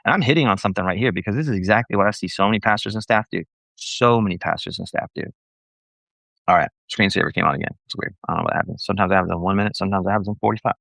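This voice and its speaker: A man with a fairly low, gravelly voice talks to church leaders on a live stream. He is blunt and sarcastic and wanders off on tangents, correcting himself mid-sentence. The sound is dry and close. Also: fast talker, fairly bright tone, no room sound. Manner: rambling, with self-corrections.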